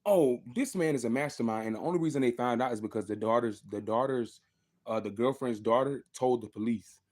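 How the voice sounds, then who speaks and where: A man in his twenties hosting a casual livestream, talking freely with his viewers, animated and swinging between loud outbursts and mumbled asides. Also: mid-range voice, a little fast. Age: 20s. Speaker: livestream host.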